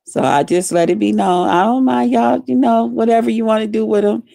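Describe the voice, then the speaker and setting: A woman vlogger telling a story in a profane, animated, dramatic way, casual and blunt. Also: fairly high pitch, a little fast, creaky, no echo, studio quality.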